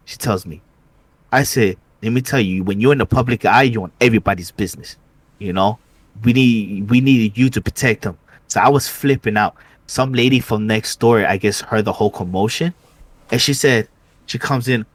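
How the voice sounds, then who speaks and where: A man co-hosting a podcast, telling a story in casual chat, animated and slangy, leaning on "you know" and "dude". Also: mid-range voice, brisk, dry recording. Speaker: podcast co-host.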